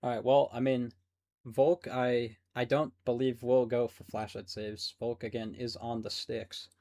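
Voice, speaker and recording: A man's voice: medium pitch, flat delivery, mellow. A man giving casual, joking commentary while playing a match with a friend. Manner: joking, teasing, quick asides. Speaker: caster and player.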